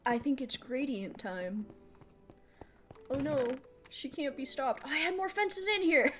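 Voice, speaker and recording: A woman's voice: high voice, unhurried, soft background music. Chatty woman streaming a building game. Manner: chatty, answers chat aloud and laughs often; thinks out loud while building. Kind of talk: casual live gameplay commentary.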